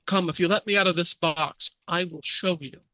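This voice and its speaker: Muffled French-accented voice, scheming ghost-eater, higher than the man's own voice, bright, coaxing. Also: steady tone, normal speed, no echo. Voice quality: muffled, pleading then bargaining. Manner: wheedling, persuasive. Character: trapped male ghost-eating French chef, scheming.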